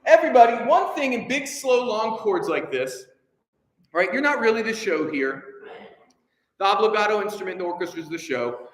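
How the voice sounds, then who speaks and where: High, bright-voiced choir conductor in an echoey hall. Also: male voice, lively intonation. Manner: encouraging, coaching, quick asides between counts. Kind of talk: rehearsal instruction. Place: large rehearsal hall. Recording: echoey hall, heard from a distance. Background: choir and instruments playing.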